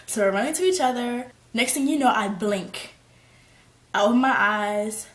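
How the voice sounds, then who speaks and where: A young woman vlogger telling a story in a casual, slangy, animated way, shrieking when she quotes people. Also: on the high side, normal speed, echoey room. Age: young adult. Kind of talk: storytime vlog.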